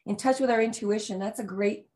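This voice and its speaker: A woman's voice: mid-range voice, a little fast, darkish tone. A woman hosting a casual talk show, enthusiastic and affirming toward her guest as she tells a family story. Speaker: host.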